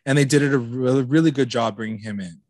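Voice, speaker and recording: A podcast co-host chatting casually about a TV episode. The voice sits at a middle pitch, and the talk is animated, full of swearing and raised-voice quotes of characters. The sound is dry and close to the mic. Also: fast, no room sound. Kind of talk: casual recap chat.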